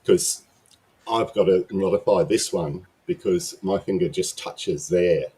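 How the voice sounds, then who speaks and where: Slow, deep-voiced man. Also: mellow, husky. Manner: rambling, with frequent restarts. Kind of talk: casual chat.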